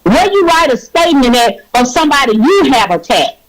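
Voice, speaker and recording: Caller: high-pitched woman, riled up and cussing, recounts a workplace fight. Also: big pitch swings, brisk, poor audio. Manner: agitated, profane retelling with acted quotes. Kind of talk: phone-in storytelling.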